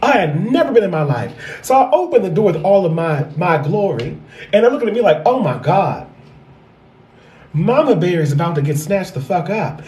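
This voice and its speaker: A man's voice: high-pitched, very animated, a little fast, a little mellow. A man in his thirties doing stand-up storytelling, sassy and profane, repeating his punchlines for effect. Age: 30s. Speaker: stand-up comedian. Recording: echoey room.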